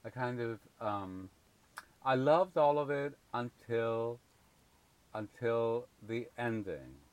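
A man's voice: medium pitch, expressive, slow pace, clear, resonant tone. A man in a casual film discussion, talking with many fillers and restarts. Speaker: film reviewer.

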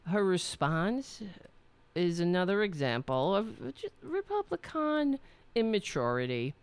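A woman's voice: lowish voice, big pitch swings, unhurried, clear, resonant tone, no echo. A woman giving sarcastic commentary as she reads emails aloud, mocking and swearing freely.

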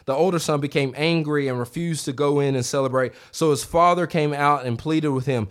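Animated preacher man at a revival. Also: brisk, few pauses, smooth. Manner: animated, voice rising high when acting out quotes; conversational, many restarts and asides to the congregation. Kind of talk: revival sermon. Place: church sanctuary.

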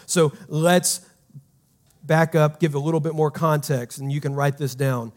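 A man preaching a sermon as pastor, emphatic and conversational, swinging from loud to hushed and asking the congregation questions. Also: on the high side, steady tone, normal speed.

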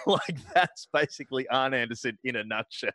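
A man's voice: medium pitch, expressive, moderate pace, sharp tone. A man co-hosting a podcast, chatting casually in rambling recaps full of fillers. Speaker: podcast co-host. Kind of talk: casual chat.

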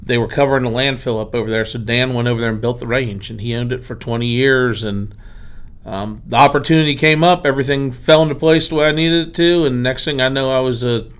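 Speaking fast in a clear, resonant, medium-pitched voice, a Pennsylvania man who owns a driving range shares casual stories. He livens up his anecdotes by performing the quoted lines.

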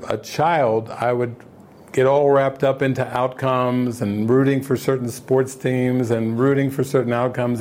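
A man's voice: medium pitch, a little mellow. A man teaching at a spiritual retreat in a conversational way, often chuckling and restarting his phrases.

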